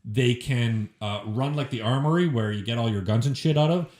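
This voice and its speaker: A man's voice: medium pitch, normal speed, a little mellow, reverberant. A man co-hosting a podcast, chatting casually in a crude, sarcastic, joking way. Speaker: podcast co-host. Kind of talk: casual chat. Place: shared room with co-host.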